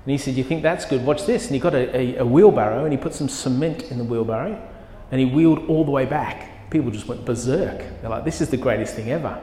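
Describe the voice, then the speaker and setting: A man's voice: medium pitch, fast, few pauses, mellow. A man preaching a sermon as pastor, telling a story with vivid, emphatic quoted lines. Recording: echoey hall with long reverb.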